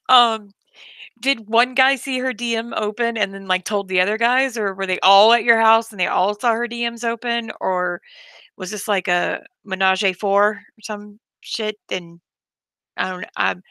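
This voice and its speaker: A woman's voice: medium pitch, pushed and bright, clear, resonant tone, no room sound. A woman hosting a casual live stream, chatting and reacting to viewers in a rambling, talkative way. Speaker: livestream host.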